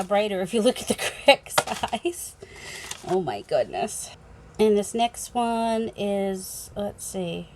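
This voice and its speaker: Recorded on a phone with a little hiss or hum, a woman with a mid-range voice and a New England accent unpacks craft supplies at home. She hosts a crafting channel and talks in a chatty, rambling way, thinking aloud and using many fillers.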